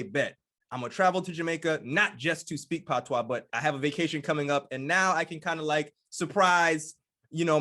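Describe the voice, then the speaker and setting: Man, American, podcast host, higher voice, enthusiastic, affirming interjections. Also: a bit bright. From United States.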